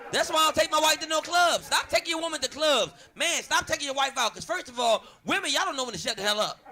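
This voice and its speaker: This man's voice is very high-pitched and fast as he hosts the show and performs stand-up at a comedy club. Loud and animated, he curses freely and acts out each quote he tells, and the crowd can be heard around him.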